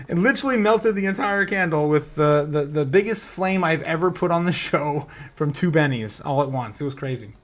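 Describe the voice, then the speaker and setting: A man hosting a casual crypto livestream, rambling, laughing often and reading out viewer comments to his chat. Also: a little high.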